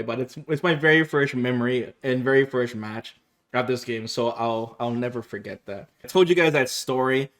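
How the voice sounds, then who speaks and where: A young man hosting a gaming video, telling stories casually and animatedly, often laughing and acting out other people's lines in high voices. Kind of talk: casual storytelling to camera.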